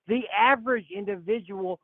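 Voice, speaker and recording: A male caller arguing with the host, aggravated and halting, repeating himself as he goes. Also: high voice, no echo. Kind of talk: argument on a phone call-in. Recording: tinny phone line.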